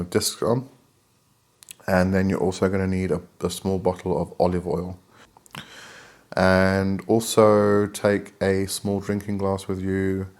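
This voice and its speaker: Male teacher, low voice, casual how-to talk with a lot of "um"s. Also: a little mellow. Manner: rambling, hesitant, many fillers; reads book passages aloud in a measured tone. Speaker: occult teacher.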